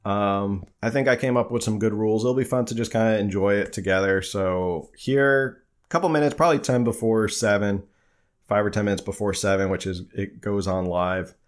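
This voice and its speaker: A man who grew up in New Jersey hosts a casual livestream, answering viewers' questions as they come in. His voice is fairly low and his speed normal, and he talks loosely and conversationally with plenty of fillers and restarts.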